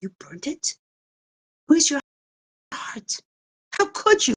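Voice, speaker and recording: A woman voicing an outraged mother who confronts a rabbi with sharp, accusing questions. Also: sits low, sing-song, takes it slowly, vocal fry, husky, pitched below the performer's own voice, heavily acted. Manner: accusing, indignant. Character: indignant mother, middle-aged, fiercely protective.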